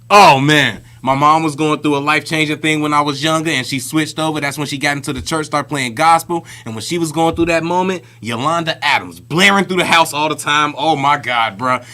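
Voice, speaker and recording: A man's voice: fairly high pitch, bright, forceful tone. A man co-hosting a podcast, telling stories in a chatty, slangy, casual way. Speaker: podcast co-host. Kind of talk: casual chat.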